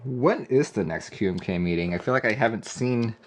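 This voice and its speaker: A man's voice: lowish voice, animated, a little fast. A man live-streaming a keyboard build, chatting casually and joking with viewers. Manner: laid-back, joking with chat, often laughing.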